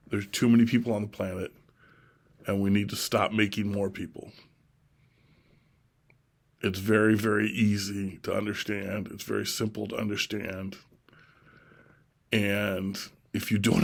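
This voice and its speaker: A middle-aged man from Oregon giving a slow, deliberate, repetitive solo monologue about his political views. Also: lowish voice, vocal fry, breathy edge. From Oregon, USA. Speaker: self-styled presidential candidate.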